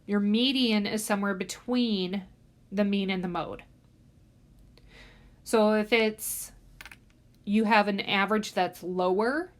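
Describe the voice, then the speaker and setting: A woman's voice: mid-range voice, fairly even intonation, slow, pauses often. Woman lecturing with frequent ums. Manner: explanatory, many "um" fillers, stresses key words. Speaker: statistics instructor. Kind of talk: recorded lecture.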